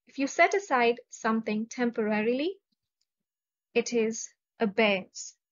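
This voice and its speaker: Slow, careful woman teaching vocabulary. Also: on the high side. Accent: Indian English. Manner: clear, careful enunciation of each word. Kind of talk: slow, deliberate vocabulary lesson. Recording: dull lo-fi recording.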